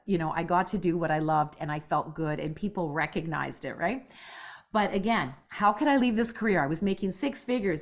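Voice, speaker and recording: Lively woman in her fifties, lowish voice. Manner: animated, acts out quoted voices with big pitch jumps; casual swearing and frequent "right?" tags. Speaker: podcast guest. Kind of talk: conversational storytelling.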